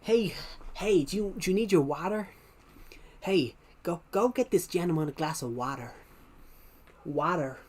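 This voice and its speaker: A man doing a loud mock American water-caller. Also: fairly high pitch, animated, unhurried.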